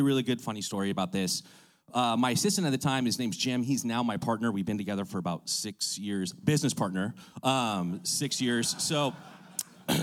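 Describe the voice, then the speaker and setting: A man who runs a real estate business, telling a story in a chatty way, full of fillers and asides. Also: fairly low pitch. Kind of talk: casual storytelling.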